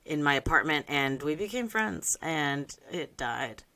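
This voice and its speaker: A woman co-hosts a casual podcast recorded in an attic. She talks in a playful way, with quick laughs and deadpan asides. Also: low voice. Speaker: podcast co-host. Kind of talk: casual chat.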